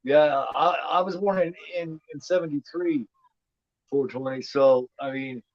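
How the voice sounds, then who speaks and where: A man's voice: a little high, fairly even intonation, measured pace, dry recording. A man in his fifties hosting a casual movie commentary, rambling and repeating himself with lots of "you know what I mean.". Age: 50s. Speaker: host. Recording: dull lo-fi sound.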